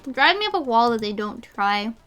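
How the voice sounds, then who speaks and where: Bright, chatty young-sounding woman streamer. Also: fairly high pitch, very animated, moderate pace, soft background music. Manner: rambling with many fillers. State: eating while talking. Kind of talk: casual chat.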